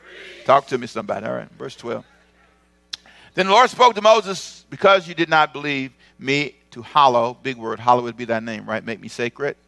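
A male pastor delivering a lively sermon in a mid-range voice. He moves from loud, emphatic calls down to quiet, confiding asides. The sound is close and dry, with a faint hum of mains electricity behind him. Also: medium pitch, a little fast, vocal fry, dry recording. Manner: animated preaching, swings from loud exclamation to quiet asides.

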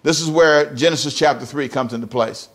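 A man's voice: mid-range voice, fairly quick, fairly bright tone. A man preaching a sermon as pastor, emphatic and repetitive, often asking the congregation direct questions.

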